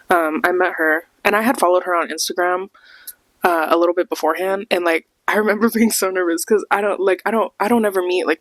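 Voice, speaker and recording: A woman's voice: on the low side, no echo. A young woman hosting a podcast, telling a rambling concert story with a lot of swearing and acting out what people said. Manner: rambling, swears a lot, acts out quoted voices. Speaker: podcast host. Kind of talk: casual storytime monologue.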